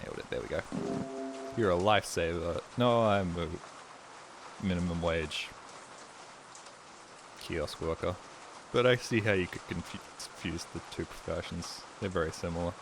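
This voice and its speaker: A young man streaming games at home, rambling through crude stories and deadpan jokes into a desk mic. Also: deep voice, normal speed, pauses often, background noise. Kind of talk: casual gaming stream chat.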